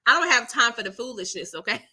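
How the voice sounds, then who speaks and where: A woman hosts a casual livestream recap, talking in a very bright, sharp voice. She sits high in her range, laughs often and reads viewer comments aloud as she goes. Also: animated, fast talker, breathy edge. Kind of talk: casual live show recap chat.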